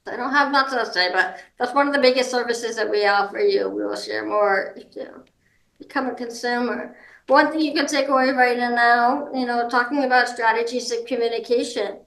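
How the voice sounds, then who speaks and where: A woman speaking as a guest advocate, giving practical advice in an informal, halting way with many ums and restarts. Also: fairly high pitch, creaky, fairly bright tone. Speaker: guest, hard of hearing and seniors advocate. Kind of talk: explanatory advice talk. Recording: roomy echo.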